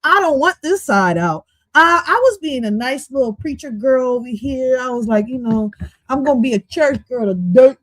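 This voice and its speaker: A woman streaming casual reaction commentary on an interview clip, loud, profane and playful, dropping in Spanish phrases. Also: sits high, expressive, moderate pace, no room sound.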